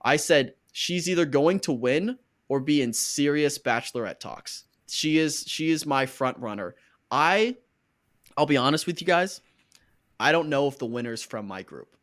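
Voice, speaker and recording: A man's voice: a little high, lively intonation, normal speed, fairly bright tone. A man hosting a podcast in casual chat, joking and rambling with fillers. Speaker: podcast host.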